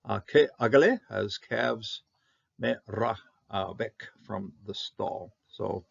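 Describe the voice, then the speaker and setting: A man who grew up in Canada, teaching Hebrew Bible words in an informal lesson, halting with many fillers and sounding out the Hebrew slowly. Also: fairly low pitch, gravelly, highs cut off.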